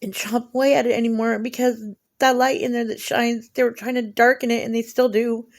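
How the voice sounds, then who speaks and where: A woman's voice: a little high, flat delivery, brisk. A woman in her forties rambling emotionally through a casual vlog monologue. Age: 40s.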